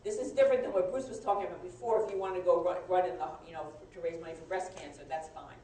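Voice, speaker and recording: A woman's voice: fairly low pitch, warm tone. Woman lecturing in an echoey room. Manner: conversational, halting, frequent restarts. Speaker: outside compliance lawyer giving training. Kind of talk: live compliance training talk. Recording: echoey room, mic far off, faint noise.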